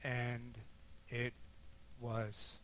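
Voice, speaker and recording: A middle-aged man giving a sermon-style personal testimony, moving between hushed, quiet moments and loud, emphatic bursts as he tells his story. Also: mid-range voice, monotone, extremely slow, a little hiss or hum. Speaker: speaker sharing testimony.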